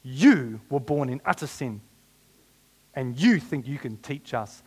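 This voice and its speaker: A man's voice: medium pitch, expressive, unhurried, slightly rough. A man reading the lines of stern male religious judges in a raised, accusing, scornful voice.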